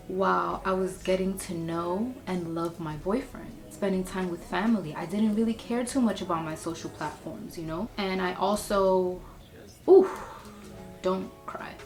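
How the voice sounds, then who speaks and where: A young adult woman talking candidly to camera in a casual vlog, chatty and open, moving between reflective and excited. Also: medium pitch. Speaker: beauty and lifestyle creator.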